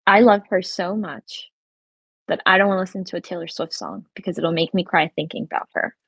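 A woman's voice: fairly low pitch, steady tone, a little fast, a bit bright, breathy edge, no echo. Wry, self-deprecating woman, dry close sound. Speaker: podcast co-host. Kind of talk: casual chat.

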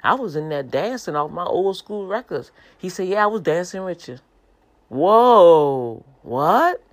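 Low-voiced woman preaching casually. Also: brisk. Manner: conversational, animated, addresses listeners as y'all. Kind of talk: informal preaching broadcast.

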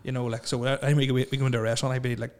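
Irish male podcast host, thirties, rapid talker, stutters. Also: medium pitch, little pitch movement, smooth. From Ireland. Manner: stutters, repeats words, laughs often. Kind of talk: casual podcast chat.

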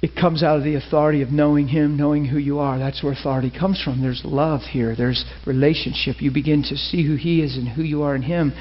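A man's voice: a little high, fairly even intonation, a little fast, hardly any pauses, lo-fi sound. A male preacher giving an emphatic, story-driven sermon. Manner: emphatic, storytelling, laughs often.

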